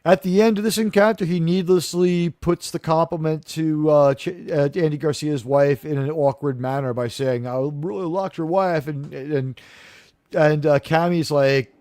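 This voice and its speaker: A fairly high-voiced man hosts a live chat about a TV episode, animated and quick to act out quoted lines. His voice sounds close and dry, with no room around it. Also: dry recording. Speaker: host of a TV review discussion. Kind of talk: casual chat, recapping an episode.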